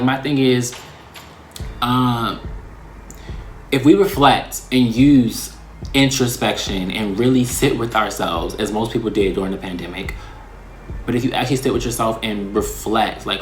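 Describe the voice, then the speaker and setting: A man hosting his own vlog, talking in a casual, reflective way, slangy and expressive. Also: lowish voice, roomy sound, slight background noise. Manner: slangy and expressive, breaking into laughs. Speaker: vlog host.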